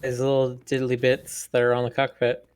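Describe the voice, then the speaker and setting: A man's voice: mid-range voice, completely flat delivery, normal speed, darkish tone, clean tone. A man joking and trading trivia in a casual chat on a game stream.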